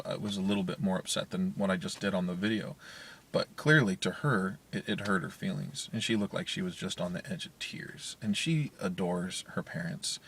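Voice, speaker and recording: A man's voice: sits low, vocal fry, fairly bright tone, slightly rough. A man in his thirties talking casually and candidly to camera from a parked car, with lots of restarts and fillers. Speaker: vlogger, parent. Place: parked car in a parking garage. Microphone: handheld media player's built-in mic.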